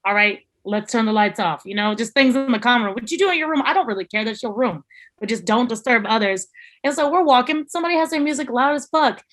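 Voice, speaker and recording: Brief: young woman guest, slightly high voice, lively storyteller who swears freely. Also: quick pace. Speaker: chef guest. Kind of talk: casual storytelling.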